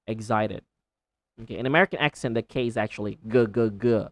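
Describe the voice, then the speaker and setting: A woman teaching English pronunciation, repeating words slowly with exaggerated, deliberate enunciation. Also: rumbling low, dry recording. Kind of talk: pronunciation tutorial.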